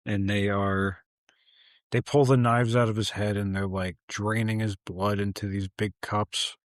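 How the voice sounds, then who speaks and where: This man's voice sits on the low side, and his delivery is flat and unhurried as he co-hosts a podcast. He retells a film's story in a relaxed recap, voicing the characters' dialogue, with clean, echo-free studio audio.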